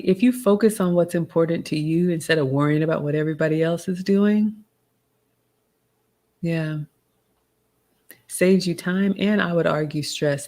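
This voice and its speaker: Woman, 40s, Southern accent, low-pitched, polished and motherly, casual livestream Q&A host. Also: a little mellow. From American South. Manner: polished, motherly advice-giving, reads comments aloud. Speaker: livestream host answering chat.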